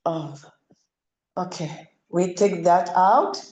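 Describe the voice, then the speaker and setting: A woman leading a live spiritual clearing session, speaking in commanding incantations and soft, coaxing asides. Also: on the low side, takes it slowly, highs cut off.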